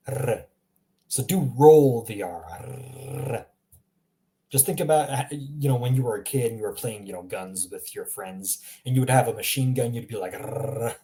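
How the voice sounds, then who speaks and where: Relaxed man teaching pronunciation. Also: medium pitch. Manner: relaxed, chatty, laughs often, reacts to viewer examples. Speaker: language teacher. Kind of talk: casual live language lesson.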